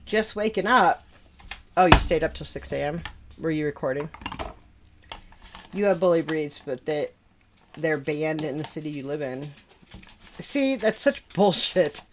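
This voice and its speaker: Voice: mid-range voice, expressive, unhurried, pauses often, background noise. Blunt stream host, chatty, swears a lot, laughs between sentences. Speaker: livestream host. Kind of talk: casual livestream chat.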